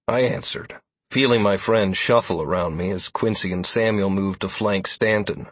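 A man narrating a first-person fantasy story in an expressive way, with defiant dialogue. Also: lowish voice, moderate pace, husky, dry recording. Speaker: audiobook narrator.

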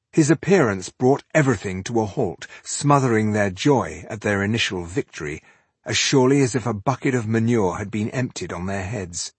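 A man reading a fantasy audiobook as narrator, with measured, dramatic storytelling. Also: lowish voice, slightly rough, no echo. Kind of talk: scripted narration.

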